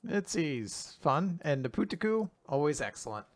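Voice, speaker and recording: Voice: mid-range voice, very animated, moderate pace, no echo. A podcast co-host adding wry quips to a manga recap. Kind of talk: casual chat.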